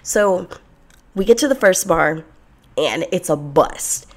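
A young woman telling a personal story in a blunt, profane, sarcastic and animated way. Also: on the low side, slow. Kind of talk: casual storytelling.

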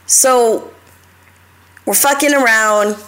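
A woman's voice: a little high, slow, a bit bright. A young adult woman hosting a live show, telling stories in a casual, confessional way, swearing freely and talking straight to her listeners.

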